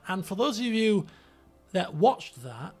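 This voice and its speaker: Yorkshire guy rambling on stream, lots of ums, bit gravelly. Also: sits high, sing-song, slow pace, darkish tone, soft background music. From Yorkshire, England. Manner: rambling, many fillers and restarts. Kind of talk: casual chat.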